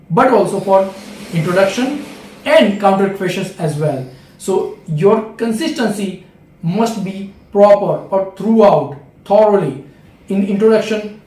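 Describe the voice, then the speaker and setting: A man's voice: sits high, a little mellow, roomy sound, distant mic, poor audio. A man with an Indian English accent giving a step-by-step video lesson as an English exam tutor, repeating key phrases.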